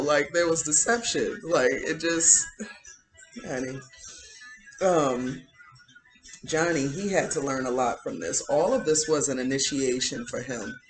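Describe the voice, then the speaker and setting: A woman's voice: low-pitched, animated, unhurried, pauses often, soft background music, low-quality recording. A woman giving a casual spiritual commentary, chatty and indignant, full of "um" and "like". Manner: chatty, filler-heavy, indignant. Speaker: spiritual vlogger.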